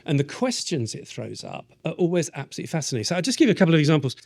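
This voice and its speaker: A British man leading an interactive teaching workshop, playful and animated, asking the audience questions and tapping out verse rhythms aloud. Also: fairly high pitch, racing, gravelly. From Britain. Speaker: workshop leader.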